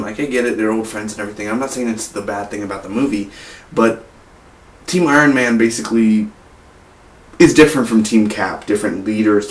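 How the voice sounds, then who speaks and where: A man reviewing a movie in casual talk, rambling with many fillers and restarts. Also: on the low side. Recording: roomy echo, mic far off, faint hiss.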